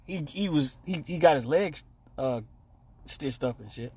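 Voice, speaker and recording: High-voiced man telling profane stories. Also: lively intonation, a little slow, a little mellow, husky, no room sound. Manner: profane, rambling anecdotes with acted-out quotes. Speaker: radio show host. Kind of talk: casual storytelling chat.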